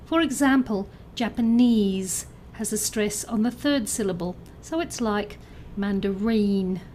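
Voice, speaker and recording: A woman narrating a scripted pronunciation lesson, enunciating each example word clearly and carefully. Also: a little high, lively intonation, normal speed, slight background noise. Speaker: pronunciation teacher.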